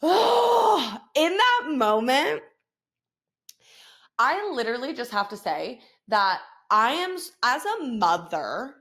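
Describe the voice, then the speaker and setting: A woman with a slightly high voice hosts her own podcast into a microphone. She tells the story in a loose, dramatic way, swearing freely and piling on fillers. Her talk stays casual and chatty the whole time. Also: very animated, slow pace, pauses often, a bit bright. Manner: profane, dramatic, filler-heavy storytelling with bursts of laughter. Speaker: podcast host.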